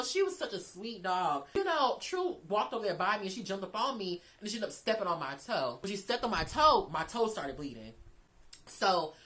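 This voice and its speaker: A woman's voice: mid-range voice, low-quality recording. A young woman vlogger telling a casual, candid storytime, swearing freely and acting out the dialogue. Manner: candid, profane, animated retelling with quoted dialogue.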